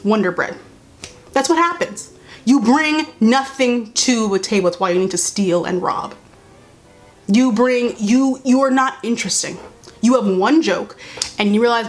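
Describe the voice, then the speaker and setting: Casting note: young woman vlogger, blunt and sarcastic, exasperated commentary, mid pitch. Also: moderate pace. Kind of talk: casual commentary vlog while doing makeup.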